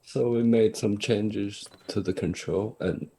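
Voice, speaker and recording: A man who is a student game developer, quietly explaining the controls of his game to a host. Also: lowish voice, fairly even intonation, slow pace, gravelly, breathy edge, rough recording.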